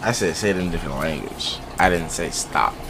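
A man's voice: low-pitched, a little fast, fairly bright tone, a little hiss or hum. A man co-hosting a casual podcast, teasing and arguing in profane banter. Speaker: podcast co-host. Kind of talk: casual chat.

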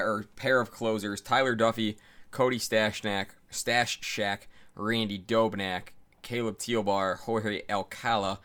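A man's voice: lowish voice, fairly bright tone, smooth. A man co-hosting a casual sports podcast, rattling off player names and stumbling over pronunciations. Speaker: podcast co-host.

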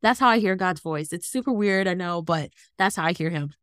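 A woman in her thirties, a guest on an interview, telling her story in an animated, earnest way. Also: lowish voice, fairly quick, no room sound, studio quality. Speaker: guest, entrepreneur.

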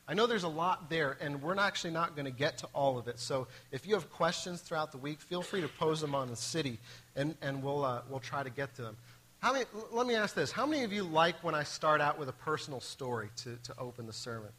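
A pastor preaches from the pulpit in a relaxed, conversational style, blending scripture reading with joking asides as he stumbles and starts over. His voice is bright, forceful, and slightly high, his delivery animated and a little fast, and the recording is rough.

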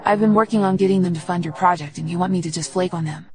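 A woman reads a taunting young woman from an audiobook thriller, mocking and provoking in a lowish voice. Soft music runs faintly beneath. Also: quick pace, lightly acted.

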